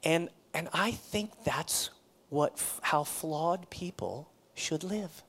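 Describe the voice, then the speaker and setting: Middle-aged male pastor, sermon delivery, fairly high pitch, chatty and self-deprecating. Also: slow, fairly bright tone, breathy edge. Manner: conversational, self-deprecating, laughs often. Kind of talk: sermon with a personal story.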